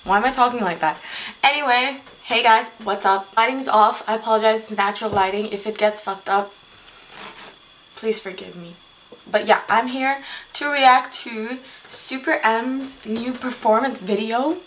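A young woman vlogging her reaction to a dance video, excitable and gushing, swearing casually. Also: a little high, normal speed, far from the mic, slight background noise, poor audio. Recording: loud music playing behind the voice.

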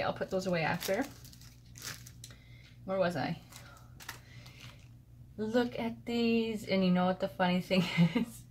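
Excitable woman gushing over craft goodies, slow unhurried talk, lowish voice, faint hiss behind her. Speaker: crafting vlogger. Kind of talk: casual show-and-tell of craft mail. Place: home craft desk.

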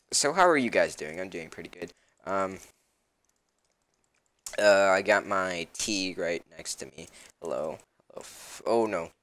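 A man's voice: low voice, fairly bright tone, no echo. A young man casually commenting on his own gameplay as a channel host, rambling with lots of ums and uhs.

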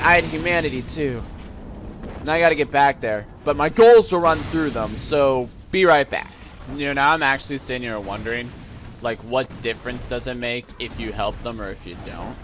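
A man casually commenting on his own gameplay in an excitable way, talking to the enemies and breaking into sudden outbursts. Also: mid-range voice, moderate pace, long pauses, a little hiss or hum. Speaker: let's play host.

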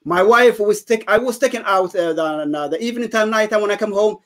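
Man, English, halting testimony, fairly high-pitched voice. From Somalia. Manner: halting, many fillers and restarts. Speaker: guest giving testimony. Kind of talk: personal testimony interview.

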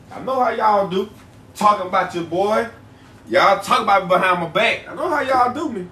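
A man's voice: high voice, animated, moderate pace, bright, forceful tone. A man hosting a casual livestream, chatting loosely with viewers, often repeating himself and stretching out his phrases. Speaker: livestream host selling herbal products. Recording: echoey room, voice a bit far from mic.

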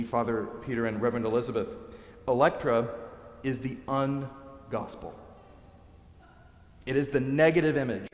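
A male priest preaching a sermon, telling a story in a lively way and acting out the quotes. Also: medium pitch. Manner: animated storyteller, dramatizing quotes. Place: church. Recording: echoey church, long reverb.

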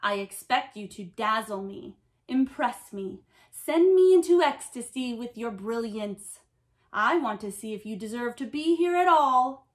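A woman voicing a stern, fearsome woman writing teacher who snarls and booms her commands, in a storybook read-aloud. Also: expressive, unhurried. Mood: demanding.

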